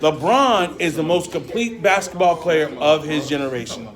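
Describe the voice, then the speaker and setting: A man's voice: fairly high pitch, normal speed, crowd noise. A man arguing his point in casual barbershop debate, insistent and repeating himself. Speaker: regular in a barbershop chat. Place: busy barbershop.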